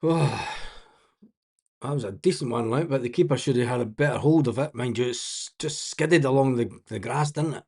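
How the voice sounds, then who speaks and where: A man's voice: mid-range voice, moderate pace, gravelly, darkish tone, slightly rough. A man giving blunt, exasperated live match commentary as a watch-along host, swearing freely and laughing often.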